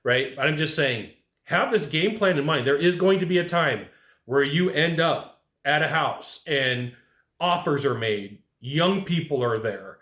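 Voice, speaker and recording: A man giving casual advice to HVAC technicians, telling lively work stories and acting out what people said. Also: fairly high pitch, a little slow, echoey room. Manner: animated storyteller who acts out quotes. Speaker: HVAC sales trainer.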